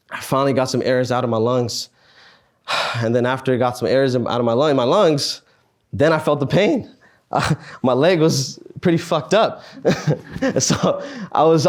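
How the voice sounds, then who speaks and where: A man in his twenties, medium-pitched, recounts his own story for a student meetup. He sounds sincere, stopping and starting with sighs and pauses.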